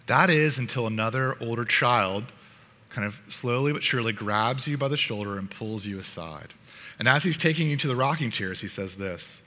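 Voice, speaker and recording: A man's voice: mid-range voice, bright, forceful tone, in a large hall. A man preaching a sermon, earnestly telling a parable in the second person with frequent restarts.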